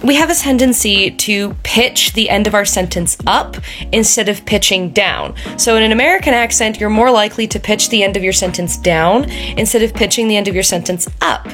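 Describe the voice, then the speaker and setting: A woman's voice: mid-range voice, normal speed. Young canadian woman doing a loose rambly voiceover, self-described yapper, faint music behind. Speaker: vlogger. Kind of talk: casual voiceover.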